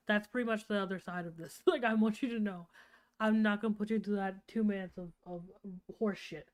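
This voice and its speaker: A woman's voice: mid-range voice, steady tone, a little fast. A woman streamer reacting to a video with sarcastic, mocking commentary.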